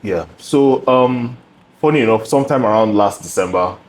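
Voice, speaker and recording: A young man hosting a podcast, talking about himself in a reflective, measured way with frequent ums and restarts. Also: lowish voice, darkish tone, poor audio. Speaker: podcast host. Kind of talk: casual interview chat. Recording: faint background noise.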